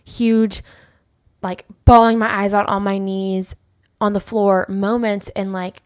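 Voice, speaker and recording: A woman's voice: medium pitch, flat delivery, takes it slowly, clear, resonant tone. A woman hosting a personal faith podcast, telling a story in a rambling way with many fillers and restarts. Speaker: podcast host.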